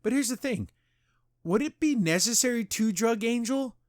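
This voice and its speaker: A man's voice: very high-pitched, moderate pace, no echo, studio quality. Man hosting a casual review podcast. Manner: animated, retells scenes and paraphrases characters. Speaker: podcast host.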